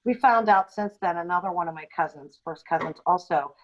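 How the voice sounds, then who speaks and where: A woman co-hosting a podcast, telling a personal story in an unscripted, halting way with frequent ums and restarts. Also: lowish voice. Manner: hesitant, many ums and restarts. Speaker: podcast co-host. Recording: dull lo-fi audio.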